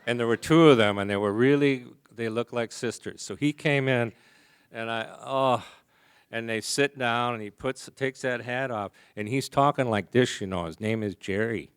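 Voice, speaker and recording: A man's voice: mid-range voice, moderate pace, smooth, no echo, studio quality. A man speaking at a recovery meeting, telling his story in a humorous, confessional way. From American. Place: conference hall.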